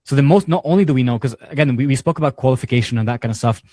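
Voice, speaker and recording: Male sales coach leading a team call; rapid, casual delivery with a warm, low-bright tone. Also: no room sound. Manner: conversational, talks with hands-on examples and casual fillers. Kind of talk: live group training call.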